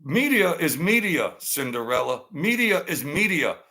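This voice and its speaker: A man's voice: a little high, very animated, unhurried, pushed and bright. A man hosting his own channel, delivering combative, sarcastic political commentary and repeating lines for emphasis.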